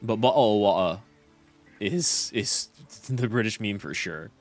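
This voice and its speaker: A man's voice: on the low side, animated, a little slow, faint music behind. A young man streaming a game and chatting casually, rambling with lots of fillers and restarts.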